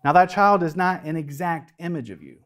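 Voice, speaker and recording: A man preaching a sermon with a slightly high voice. He tells the story vividly and drops easygoing, joking asides along the way. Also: expressive, brisk, a bit bright. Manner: dramatic storytelling, casual asides. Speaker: pastor.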